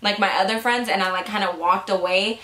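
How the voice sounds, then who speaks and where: A young woman telling a story in casual, animated chat, full of "like" fillers. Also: medium pitch, fairly quick. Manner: chatty, animated, frequent "like" fillers. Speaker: vlogger. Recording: echoey room.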